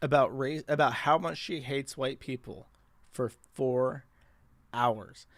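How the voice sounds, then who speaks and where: A man's voice: medium pitch, slow pace, dry recording. A man hosting a casual commentary stream, rambling in a sardonic, profane way.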